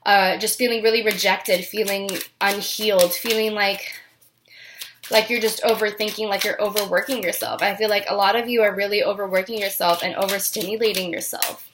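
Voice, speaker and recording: A woman's voice: medium pitch, steady tone, fairly quick, noisy background. A woman giving a casual tarot reading to her viewers, earnest and encouraging, with lots of fillers and restarts, and close to tears. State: near tears, voice catching. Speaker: tarot reader.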